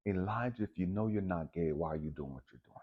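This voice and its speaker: A man voicing God as a calm, probing male presence asking quiet questions. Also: deep voice, fast talker, phone-quality sound.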